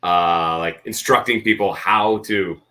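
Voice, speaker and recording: Bright-voiced man, rambling guest. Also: sits low, a little slow. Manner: rambling, hesitant, with many fillers and restarts. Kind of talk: casual chat.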